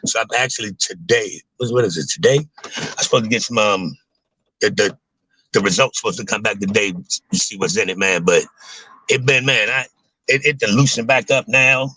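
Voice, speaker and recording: A young adult man chatting casually to his viewers, rambling in loose slang and filling every pause with "man" and "you know what I'm saying.". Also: on the low side, bright, forceful tone, slightly rough, no echo, poor audio. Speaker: vlogger talking to viewers. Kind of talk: casual livestream chat.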